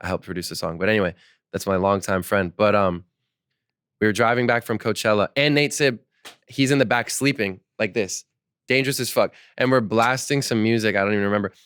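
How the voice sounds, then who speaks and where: A young man in his twenties, a musician guest, telling car stories in a relaxed, animated way. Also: fairly low pitch, brisk, clean tone, no room sound, studio quality. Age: 20s. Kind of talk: casual storytelling in conversation.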